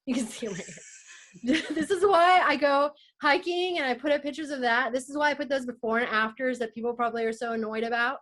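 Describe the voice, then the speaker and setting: A woman hosting a group call, bubbly and quick to laugh. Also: sits high, fairly bright tone. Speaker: host.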